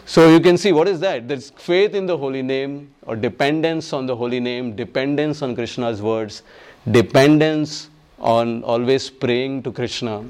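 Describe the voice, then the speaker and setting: A man giving a devotional class on scripture, emphatic and repetitive, who acts out the people he quotes and chants verses slowly. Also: mid-range voice, a little mellow, clean tone. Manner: emphatic, repeats phrases, acts out quoted speakers.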